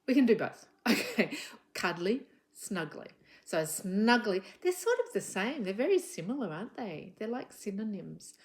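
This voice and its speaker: In a home living room, a woman presenting children's literacy content uses a puppet to teach young children about words and sounds, sounding out letters and sometimes whispering softly. Her voice is medium-pitched and sing-song. She's gentle and encouraging, speaking slowly and drawn out.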